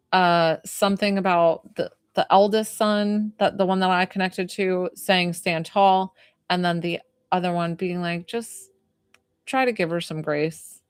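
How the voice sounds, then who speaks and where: A young woman talks through a live psychic reading, wandering in loose rambling sentences with lots of hesitant fillers. Her voice sits at an ordinary middle pitch. The sound is dry and close, with no room echo. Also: smooth. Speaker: psychic medium.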